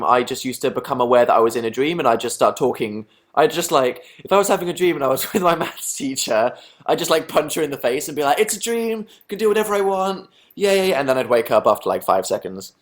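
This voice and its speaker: A man's voice: medium pitch, quick pace, hardly any pauses. A young British man chatting casually on a livestream, rambling and self-deprecating as he answers questions from the chat. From England. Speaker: livestream host.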